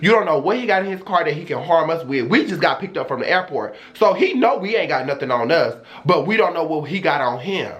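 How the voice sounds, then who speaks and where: A young man with a notably high voice tells a story for his vlog. He talks in a sassy, dramatic way, full of attitude and emphasis. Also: expressive, brisk, hardly any pauses, a bit bright, highs cut off. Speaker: streamer telling a story.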